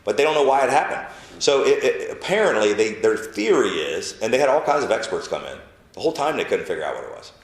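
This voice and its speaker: A man being interviewed, telling a personal story in a halting, emotional way, with many restarts and a softer voice when he quotes people. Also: medium pitch, very animated, echoey room. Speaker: interview guest.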